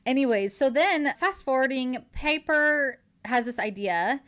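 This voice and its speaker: A young woman podcast host excitedly retelling a romance novel's plot in casual chat. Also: high voice. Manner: excited, gushing retelling with quick quoted dialogue. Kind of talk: casual book recap chat.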